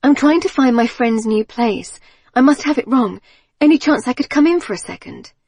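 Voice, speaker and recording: A woman's voice: on the high side, expressive, normal speed, darkish tone, slightly rough, no room sound, pitched above the performer's own voice. A woman voicing a flustered, apologetic suburban mum who gushes and pleads. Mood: pleading. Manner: gushing, apologetic, breathless.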